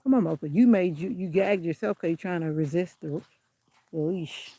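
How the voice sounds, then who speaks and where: A woman's voice: fairly low pitch, moderate pace, dark tone, dry recording. A woman vlogging casually while walking her dog outdoors on a country road, chatting and giving the dog firm commands. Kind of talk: casual walking vlog commentary.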